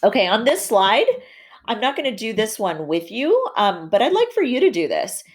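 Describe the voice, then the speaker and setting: A woman's voice: a little high, big pitch swings. Upbeat woman teaching a video lesson. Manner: encouraging, talks straight to students through the camera; slows down to read quoted text aloud with emphasis.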